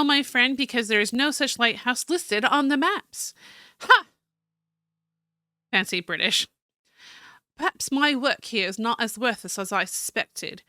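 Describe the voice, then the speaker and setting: A woman's voice: high-pitched, pushed and bright, dry recording, clean studio sound, pitched above the performer's own voice, full character voice. A woman voicing a stiff, proud male cartographer, reading his journal aloud in a formal, slightly fancy manner with small stumbles. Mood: curious.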